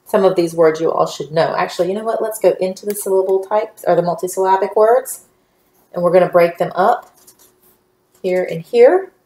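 A woman's voice: lowish voice, moderate pace, warm tone. A woman teacher giving a phonics lesson to young children, guiding them patiently step by step. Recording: echoey room.

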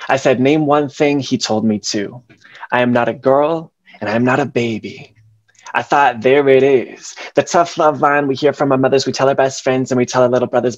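Over a video call, a young male educator gives a presentation that includes performed slam poetry, his medium-pitched voice full of passion and spoken-word rhythm. The sound is dry and close, with a dull, lo-fi quality from the call.

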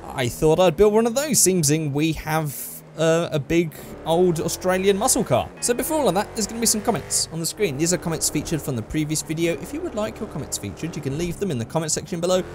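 A man's voice: fairly high pitch, expressive, fast talker, hardly any pauses, darkish tone, soft background music. A man hosting a gaming channel, chatting casually over gameplay alone in a small room into a microphone, rambling and poking fun at himself. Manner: rambling and self-deprecating, with frequent restarts. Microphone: desk microphone.

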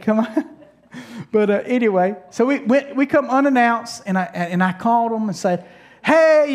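A male pastor preaching a sermon in a conversational, storytelling way, often restarting his sentences and calling on the congregation to respond. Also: high voice.

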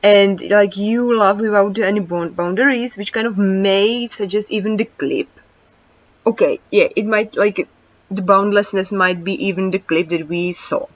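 A woman hosting a reaction video who reads translated lyrics aloud and then comments casually. She stumbles, restarts words and fills her talk with "like.". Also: mid-range voice. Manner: halting, stumbles and restarts words, many "like" fillers. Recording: dull lo-fi recording.

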